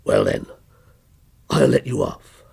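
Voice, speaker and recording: A man's voice: medium pitch, wildly swooping pitch, takes it slowly, gravelly, darkish tone, breathy edge, pitched below the performer's own voice, full character voice. A man voicing a cold, taunting policeman. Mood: menacing. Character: menacing male policeman, a vengeful character come alive.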